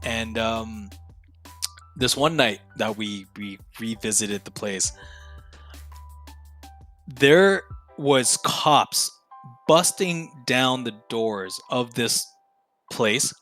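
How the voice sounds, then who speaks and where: Bright-voiced young man telling wild stories. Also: medium pitch, drawn-out words, pauses often, soft background music. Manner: profane, excitable, slangy. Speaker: podcast guest. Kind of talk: casual storytelling.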